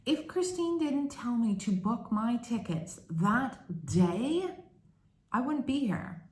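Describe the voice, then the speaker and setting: Slow-talking woman in an echoey room. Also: on the high side, lively intonation, a little mellow, a little hiss or hum. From Canada. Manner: candid, chatty storytelling. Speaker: vlogger. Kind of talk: casual confessional vlog.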